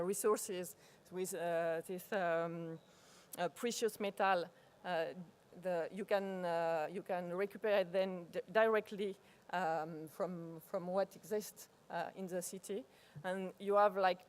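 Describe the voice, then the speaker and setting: In a conference workshop room, a native French-speaking woman with a French accent gives a live presentation in a fairly low voice. She pauses often to search for words and restarts her phrases.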